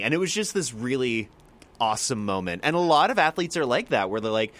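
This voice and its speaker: A man from Canada co-hosting a laid-back radio chat. His pitch jumps around a lot as he tells stories and acts out voices. He talks in a wry, dry way. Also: brisk. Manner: wry, animated storyteller. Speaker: radio show co-host.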